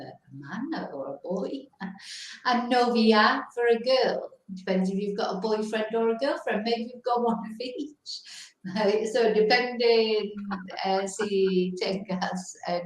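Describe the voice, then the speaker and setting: A woman hosting a casual bilingual chat, teaching words slowly and switching between English and Spanish. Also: medium pitch. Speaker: host. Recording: very echoey room.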